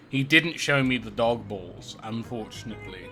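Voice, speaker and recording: A man's voice: mid-range voice, lively intonation, moderate pace, few pauses. A young British man chatting casually as he streams a game, laughing between comments. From Britain. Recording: clear game music behind.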